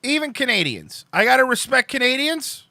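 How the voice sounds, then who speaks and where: Animated high-voiced male streamer. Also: normal speed, gravelly, no echo, clean studio sound. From Cuban heritage. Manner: rambling, profane, joking, laughs often. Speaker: livestream host. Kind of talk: casual live-stream chat with viewers.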